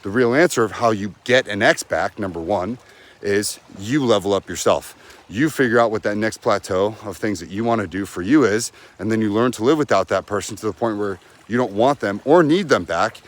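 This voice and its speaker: A man's voice: lowish voice, a little fast. A man giving blunt, profane, emphatic breakup advice as a coach in a vlog. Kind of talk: direct-to-camera advice vlog.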